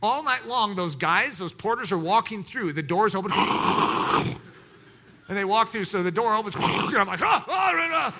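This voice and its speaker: Middle-aged male preacher, very bright voice, a bit higher than most men, animated self-mocking storyteller. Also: a little fast, hardly any pauses, a little hiss or hum. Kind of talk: storytelling sermon.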